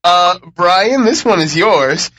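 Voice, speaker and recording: Bright high-voiced male podcast host. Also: expressive, slow pace. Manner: leads the votes, muses aloud. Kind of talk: casual panel chat.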